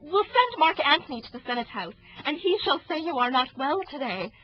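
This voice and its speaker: A woman's voice: high-pitched, very animated, a little fast. A woman playing a noble Roman wife in a Shakespeare audio drama, delivering verse earnestly and with passion. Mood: fearful. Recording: dull lo-fi audio under music.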